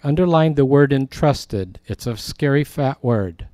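With a mid-range, animated voice at a measured pace and hardly any pauses, a male pastor gives an earnest, mellow, warm Bible teaching. He reads scripture with lifted emphasis in a close, dry recording without any echo.

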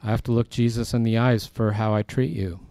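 A male pastor delivers an earnest Bible teaching in a mellow, warm, smooth voice that's mid-range, steady, and a little fast. He lifts his emphasis when reading scripture lines, and the sound is close and dry with no echo.

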